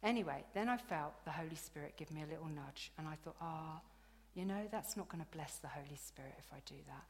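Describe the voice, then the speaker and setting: A woman preaching a sermon in a chatty, animated storytelling way, laughing now and then. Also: deep voice, brisk, few pauses. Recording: long hall reverb.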